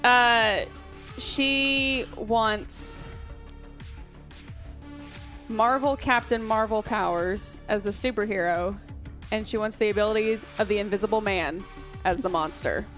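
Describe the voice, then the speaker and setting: Bright, giggly woman player. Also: medium pitch, slow pace, faint music behind. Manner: animated, giggly, filler-heavy. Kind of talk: tabletop role-play chat.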